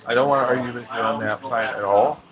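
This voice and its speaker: A man's voice: mid-range voice, fast talker. Young man arguing over restaurant crowd noise. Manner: animated, pleading, with many restarts and mock-quotes. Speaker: son talking with his parents. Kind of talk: casual family argument. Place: busy restaurant. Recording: muffled recording in a loud crowded restaurant.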